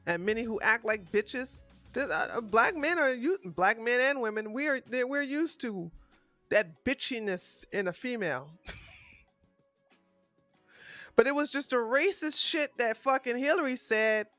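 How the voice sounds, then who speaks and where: A woman's voice: fairly high pitch, animated, a little slow, a bit bright, no room sound, soft background music. A woman hosting a live-stream political commentary show, ranting bluntly and with heavy profanity.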